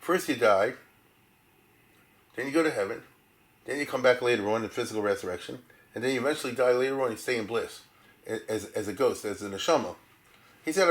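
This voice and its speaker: A man who is a rabbi giving a conversational history lecture. He often checks in with "right?" and "you follow?", uses Hebrew and Yiddish terms freely, and acts out quoted speech with big jumps in pitch. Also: a little fast, long pauses.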